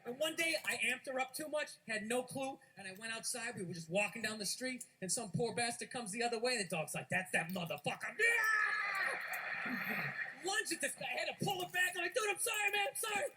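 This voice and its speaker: A man's voice: very high-pitched, sing-song, quick pace, few pauses, sharp tone, slight background noise. A man doing stand-up comedy on stage, ranting and swearing in a conversational way.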